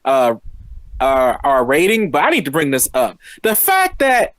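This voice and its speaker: A man's voice: a little high, wildly swooping pitch, a bit bright, dry recording. A man co-hosting a casual wrestling podcast, rambling through his points and speeding up when he gets going. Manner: rambling, fast when worked up. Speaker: podcast co-host.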